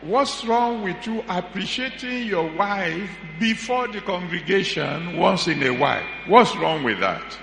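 A man preaching slowly in a bright, gravelly voice that swings widely in pitch. He stretches out words for humorous emphasis, and his sermon rings through a long, echoey hall with faint background ambience. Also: animated, a little hiss or hum. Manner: humorous, drawn-out emphatic delivery.

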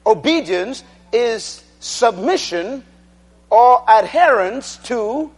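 Preacher guy, really high voice, call and response, goes loud then quiet. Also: lively intonation, takes it slowly. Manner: call-and-response, drilling the congregation to repeat phrases; swings between loud declarations and low quiet asides. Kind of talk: sermon.

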